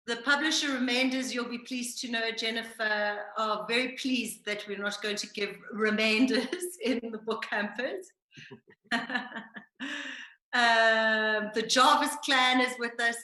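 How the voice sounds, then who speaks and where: A woman's voice: sits high, pushed and bright. A woman co-hosting an online quiz over a video call, giggly and easygoing as she reads out team names. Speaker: co-host. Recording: echoey room on a video call.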